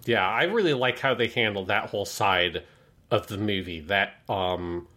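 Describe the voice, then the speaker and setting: Excitable male podcast co-host, bright tone. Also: lowish voice, normal speed. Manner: enthusiastic, acts out shouted lines in quotes. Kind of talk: casual film review chat.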